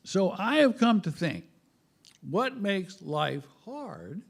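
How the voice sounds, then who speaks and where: Slow, gravelly man; wry spiritual speaker who pokes fun at himself. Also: high voice, big pitch swings. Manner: wry, self-mocking, with chuckles; halting, repeats words. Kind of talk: humorous spiritual talk.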